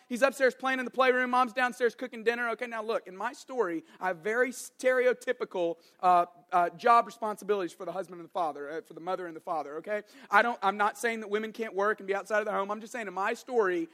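A young adult man preaching a sermon as an animated, joking storyteller. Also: high voice. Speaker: pastor.

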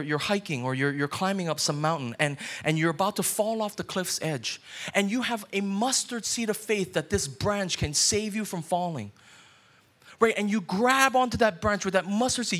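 A man's voice: high-pitched, a bit bright. A man, a pastor, preaching a sermon in an earnest way and putting questions straight to his listeners.

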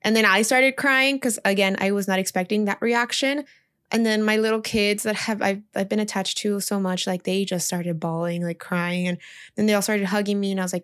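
A woman's voice: mid-range voice, steady tone, a little fast, fairly bright tone. Chatty young woman telling a story. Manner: chatty, heavy use of "like", emotional retelling. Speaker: teacher leaving her job. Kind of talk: casual storytelling vlog.

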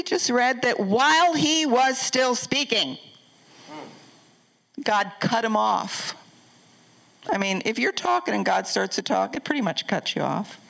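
A woman's voice: fairly high pitch, expressive, a little slow, vocal fry, long pauses, fairly bright tone, low-quality recording. An older woman pastor preaching a conversational sermon, asking the congregation questions as she goes.

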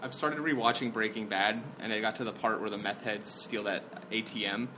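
A man's voice: lowish voice, fairly even intonation, brisk, noisy background. A man joining a casual podcast chat, teasing the others and laughing a lot.

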